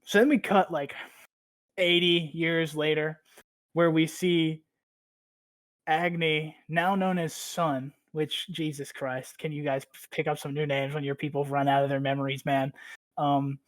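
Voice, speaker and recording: A man with a somewhat high voice hosts a podcast and recaps a story in loose, rambling chat. He swears freely and fills his talk with "like". The sound is dry and close, with no room around it. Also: flat delivery, unhurried, no echo. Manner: rambling, profane, heavy use of "like". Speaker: podcast host.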